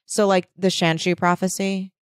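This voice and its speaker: A woman chats loosely about books and TV, peppering her talk with "like" and playing out little quotes. Her voice is on the low side, and it is recorded close and dry. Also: flat delivery, moderate pace, clean tone, dry recording. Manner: chatty, uses many "like" fillers, acts out quotes. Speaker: podcast co-host. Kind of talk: casual book chat.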